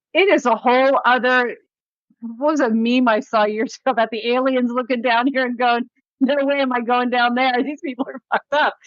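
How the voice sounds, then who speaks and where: A woman hosting a podcast interview, talking in an animated, rambling way with casual swearing. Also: a little high, no room sound. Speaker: podcast host. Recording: dull lo-fi audio.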